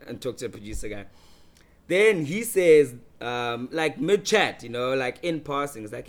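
A man telling a story in a casual chat, energetic and acting out the dialogue. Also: medium pitch, moderate pace. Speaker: voice-over artist and co-host.

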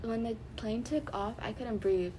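A young woman chats casually as a podcast co-host, telling her stories by acting out what other people said. Her voice is fairly high. Light noise hisses behind the recording. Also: unhurried, mellow. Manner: tells stories by quoting others. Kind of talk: casual chat.

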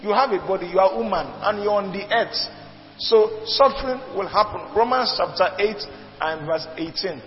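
High-pitched guy preaching, emphatic, big echoey hall, dull lo-fi sound. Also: moderate pace. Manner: emphatic, repetitive preaching with call-and-response. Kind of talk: sermon. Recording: dull lo-fi recording with long reverb.

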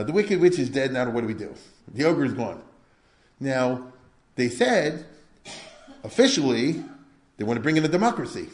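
A man's voice: on the high side, a little mellow. An older man giving an informal history lecture, conversational and full of rhetorical questions. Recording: echoey room.

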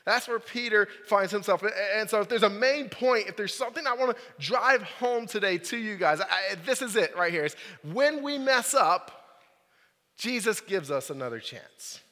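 Young guy youth pastor, kinda high bright voice, loose jokey sermon, echoey church hall. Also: lively intonation, moderate pace. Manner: casual, joking storyteller with many "like"s and "right?"s. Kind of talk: sermon with personal story. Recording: large hall with long reverb.

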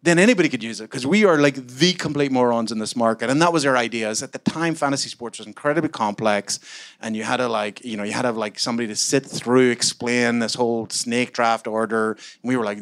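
A man from Scotland, a startup founder, answering onstage interview questions in a rambling, animated way full of fillers and self-mocking asides. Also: medium pitch, fast. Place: event room with a live audience.

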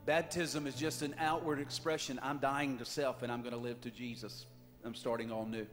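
A man's voice: medium pitch, level tone, normal speed. A man, preaching a fervent revival sermon and calling out to his congregation. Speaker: pastor. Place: church sanctuary. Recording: reverberant hall with music.

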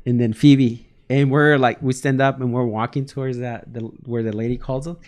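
A man's voice: mid-range voice, steady tone, moderate pace, darkish tone. A young man from El Salvador, a podcast co-host, telling a story in casual chat, acting out quotes and laughing often.

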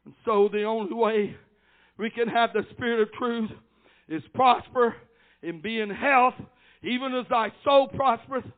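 An older man preaching a fervent church sermon, dotting his phrases with amens and rising into shouts. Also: extremely high pitch, fairly even intonation, measured pace. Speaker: pastor. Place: church service. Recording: tinny phone-like lo-fi recording.

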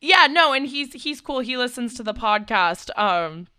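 A woman's voice: on the high side, expressive, unhurried, over a noisy crowd. A young woman co-hosting a podcast, chatting casually, laughing often and swearing freely. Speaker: podcast co-host.

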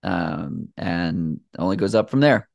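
Low gravelly guy chatting as a podcast guest, laid back and rambly, dry close sound. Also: expressive, takes it slowly, darkish tone, dry recording. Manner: easygoing, rambling, filler-heavy. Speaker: podcast guest, shoe reviewer. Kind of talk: casual conversation.

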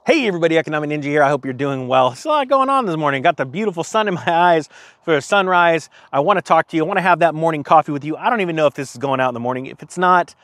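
A chatty man hosts a casual morning vlog, reading viewer comments and reacting with self-deprecating asides. His voice sits a bit high for a man. The sound is dry and close, with no room in it. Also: expressive, racing, fairly bright tone, no echo. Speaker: vlogger host. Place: outdoors at sunrise.

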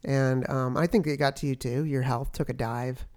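Reflective pastor husband in casual talk. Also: male voice, medium pitch, fairly even intonation, moderate pace, a little mellow. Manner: reflective, affirming, with fillers. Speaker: pastor, podcast co-host. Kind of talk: casual conversation with spouse.

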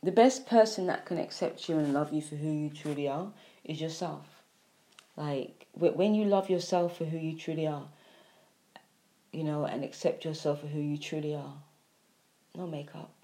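A woman giving a spiritual monologue, repeating phrases in a preachy way, sighing and swinging between soft and loud. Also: deep voice, normal speed. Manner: repetitive, preachy, with sighs and emphatic swings in loudness. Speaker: spiritual speaker.

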